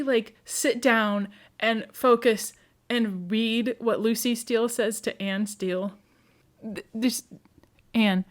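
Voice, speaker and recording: A woman presenting a casual, chatty talk on novels, full of quick asides. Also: a little high. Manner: chatty, quick asides, mimics characters she discusses. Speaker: conference presenter.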